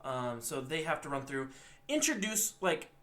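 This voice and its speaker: Young male podcast cohost, bright forceful voice, slightly high, rambling animated movie recap. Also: moderate pace. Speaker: podcast co-host.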